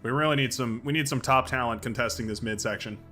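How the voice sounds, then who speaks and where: A man streaming a strategy game live, chatting and thinking aloud excitably as he plays. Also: medium pitch, quick pace, soft background music.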